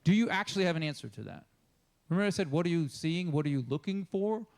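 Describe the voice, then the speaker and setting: Guy pastor giving a laid-back sermon in church, voice sits a bit high, talks super informal and plays out the characters. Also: lively intonation, fast talker, darkish tone. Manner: chatty and informal, acting out the people in the story. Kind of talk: casual conversational sermon.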